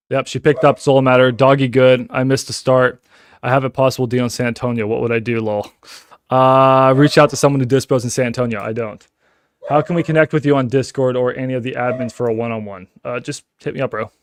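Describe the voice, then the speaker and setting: A man, running a casual live stream from his home office and chatting excitedly with viewers. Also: medium pitch, dry recording, clean studio sound. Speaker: wholesaler hosting a live stream. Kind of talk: casual live-stream chat and phone call.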